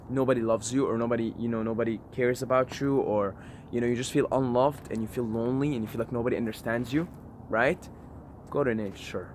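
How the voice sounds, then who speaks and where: A man's voice: medium pitch, slight background noise. A man giving an impassioned, preachy outdoor monologue to camera, swearing and repeating phrases for emphasis. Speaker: vlogger. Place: outdoors by a forest.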